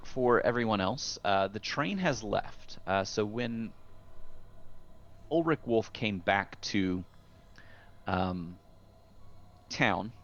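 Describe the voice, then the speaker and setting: A man narrating a tabletop game as game master, hesitant with many fillers and restarts. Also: lowish voice. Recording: dull lo-fi sound.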